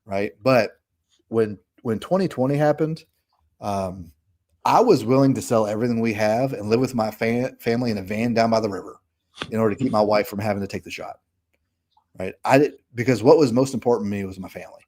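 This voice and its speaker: A man's voice: lowish voice, a little fast, a little mellow. A middle-aged man from Kentucky with a Southern accent, talking casually as a podcast co-host, folksy and earnest with restarts and tag questions. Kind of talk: casual political chat.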